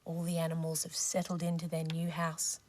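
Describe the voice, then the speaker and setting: A woman presenting a children's TV show, playing gently with toy animals and asking the young viewers questions. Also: low-pitched, monotone, fairly quick, slight background noise.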